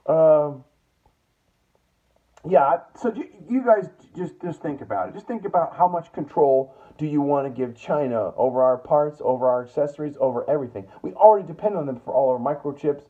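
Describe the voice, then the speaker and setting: Speaking at normal speed, this political commentator has a slightly high, expressive voice as he rants profanely and heatedly, repeatedly stammering and restarting. He's from the US Northwest, and the sound is tinny like a phone line.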